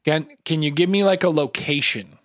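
A man's voice: a little high, normal speed, dry recording, studio quality. A man co-hosting a podcast in casual comedic chat, rambling, swearing freely and laughing often. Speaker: podcast co-host guessing cryptids.

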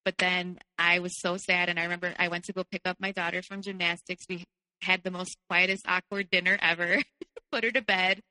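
A woman's voice: on the low side, little pitch movement, brisk, bright, forceful tone, in a large hall, poor audio. A woman guest telling her personal story candidly, peppering her speech with "like". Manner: candid, heavy use of "like". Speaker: podcast guest.

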